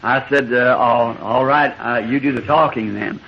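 A man's voice: medium pitch, fairly even intonation, moderate pace, creaky, slight background noise. A man, a preacher telling a rambling, folksy anecdote during a sermon and chuckling as he goes. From Southern United States. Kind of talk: sermon storytelling. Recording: muffled lo-fi old tape recording.

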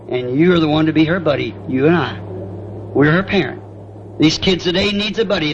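A man preaching a sermon, telling family stories in a folksy way and often asking "See?". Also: fairly high pitch. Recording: dull lo-fi old tape with faint hiss.

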